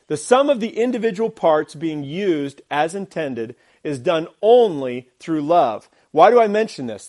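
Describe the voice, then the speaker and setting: Male pastor, higher pitch, emphatic sermon delivery, repeats phrases, asks the room questions. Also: darkish tone. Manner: emphatic preaching with rhetorical questions and repetition; uses a glove as a prop.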